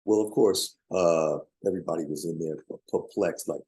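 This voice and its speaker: A man's voice: deep voice, normal speed, dark tone, breathy edge, dry recording, low-quality recording. A man coaching on business funding, telling a story emphatically, repeating key points and checking in with listeners. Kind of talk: motivational storytelling talk.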